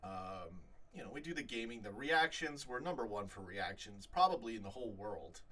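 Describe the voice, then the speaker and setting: A man's voice: fairly low pitch, moderate pace, recorded from a distance. Rambling man live-streaming fan chat. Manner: animated, rambling, many restarts. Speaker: fan channel host.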